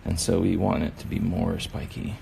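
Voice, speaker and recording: A man's voice: low voice, level tone, normal speed, vocal fry, mellow, a little hiss or hum. A man running a casual drawing demonstration for kids, rambling and encouraging, with lots of filler words. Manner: rambling, encouraging, full of "you know" fillers. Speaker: kids' drawing instructor.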